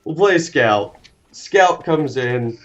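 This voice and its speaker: A man's voice: fairly high pitch, expressive, extremely slow, lo-fi sound. A man casually talking through a card game on a live stream, laid-back and easily amused, with casual swearing.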